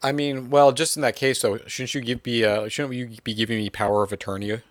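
A man's voice: mid-range voice, steady tone, a little fast, no room sound. Teasing man co-hosting a podcast. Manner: teasing, playful banter. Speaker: podcast co-host. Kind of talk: casual chat.

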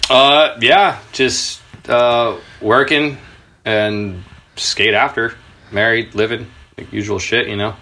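In this casual podcast storytelling, a skateboarder guest in his thirties tells laid-back, profane stories and laughs as he talks. He speaks slowly with fairly even intonation and a bright, forceful tone. When quoting people, he raises his pitch a lot.

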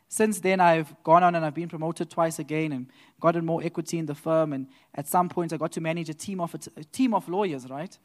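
Animated man preaching a testimony. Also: a little high, brisk. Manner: animated storyteller who laughs and swells into loud exclamations. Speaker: lay preacher giving a testimony. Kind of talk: church testimony building into preaching.

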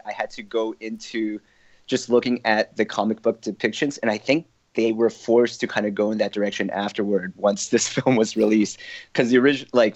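A podcast host with a lowish, darkish voice leads a casual group discussion, chatty and laughing often. The audio is dull, dry and lo-fi.

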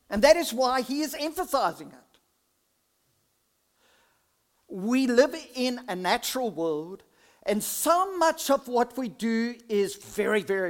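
Preacher, sermon with scripture reading, unhurried deliberate delivery, medium-pitched voice, phrases fading at the ends.

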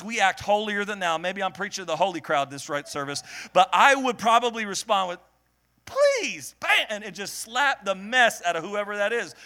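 A man preaching a sermon to a congregation, joking with the crowd and swinging from low murmurs to shouted peaks. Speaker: pastor. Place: church hall before a congregation.

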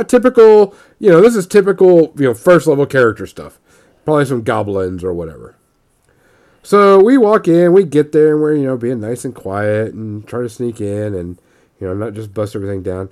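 A man's voice: medium pitch, a little mellow. A man casually telling a tabletop gaming story, rambling with frequent restarts and quoted voices.

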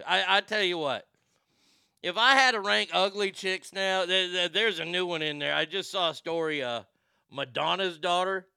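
High-voiced ranting man, crisp and dry. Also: bright, forceful tone, dry recording. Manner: profane, ranting, reads chat comments aloud. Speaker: talk show host. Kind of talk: casual live-stream rant.

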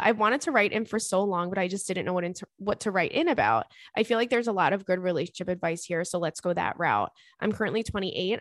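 Young woman podcast host, blunt and animated, casual swearing, dry close mic. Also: mid-range voice, no echo. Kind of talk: casual podcast chat reading a listener letter.

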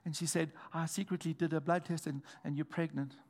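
A man preaching a sermon, telling a testimony in a storytelling way that builds to shouted exhortation. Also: on the high side, fairly even intonation, a little fast, very noisy.

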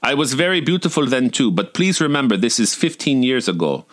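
A man voicing a stern Russian waitress in her sixties, with a flat, stony manner and clipped broken English. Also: mid-range voice, fairly quick, lightly acted. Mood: confiding. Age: 60s. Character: stern older Russian woman waitress, blunt.

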